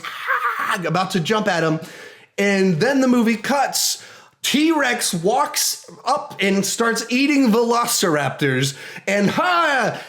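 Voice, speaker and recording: With a high-pitched voice, a man chats about a movie in a relaxed review full of animated excitement. Quotes get acted out, and his sentences keep restarting.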